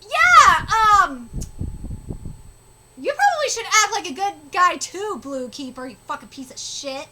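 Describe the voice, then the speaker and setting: Very high-pitched, excitable woman streamer. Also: a little slow. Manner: reads dialogue aloud with heavy profanity, loud and excitable. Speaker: manga reaction streamer. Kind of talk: live manga reading and reaction. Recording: loud background noise.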